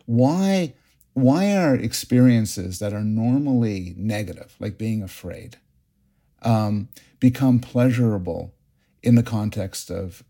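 A middle-aged man, a psychologist guest on a podcast, explaining ideas and telling stories in an animated way. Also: mid-range voice, gravelly, husky. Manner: explanatory, animated storytelling with restarts. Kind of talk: interview.

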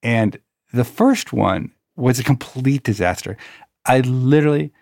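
A man with a gravelly, creaky voice tells a personal anecdote with wry storytelling. His voice sits in the middle range and is recorded dry and close. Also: medium pitch, expressive, a little slow, a little mellow, no room sound. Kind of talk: conversational storytelling.

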